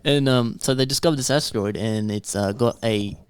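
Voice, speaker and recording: A man's voice: mid-range voice, fairly quick, clear, resonant tone, no room sound. A man with an Australian accent hosting a podcast, telling rambling conspiracy stories in casual chat. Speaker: podcast host.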